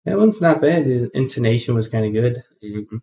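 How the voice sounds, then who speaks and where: A man's voice: medium pitch, lively intonation, moderate pace, creaky, mellow. A man hosting a casual coding tutorial, rambling with many ums and self-corrections.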